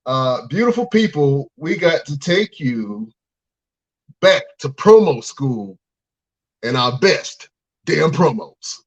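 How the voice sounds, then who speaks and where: A male podcast host introducing wrestling promos, excitable and reacting like a hype man. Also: a little high, slow pace. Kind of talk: hyped podcast hosting. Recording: lo-fi dull audio.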